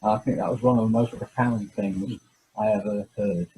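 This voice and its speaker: A man's voice: lowish voice, fairly even intonation, normal speed, warm tone, husky, rough recording. A man being interviewed over a video call, talking hesitantly with many fillers and restarts. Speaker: guest, former mayor. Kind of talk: casual interview, reading a quote aloud. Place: home, remote video call.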